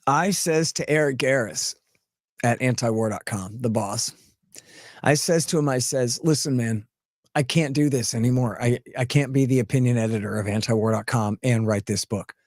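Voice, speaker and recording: A man hosting a podcast, chatting casually and telling animated, chuckling stories. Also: mid-range voice, moderate pace, no echo, studio quality. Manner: animated, chuckling, repeats phrases. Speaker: podcast host. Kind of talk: casual chat, anecdotal storytelling.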